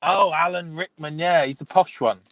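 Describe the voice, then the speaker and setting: A man's voice: a little high, normal speed, fairly bright tone, no room sound. A man co-hosting a podcast, chatting casually and chuckling in a laid-back way. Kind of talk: casual chat.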